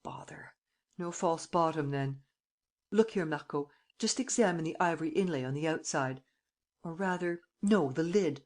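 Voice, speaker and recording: A woman voicing a suave mocking gentleman thief. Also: deep voice, close to an everyday voice. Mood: gleeful. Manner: teasing, brisk, commanding. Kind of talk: audiobook reading.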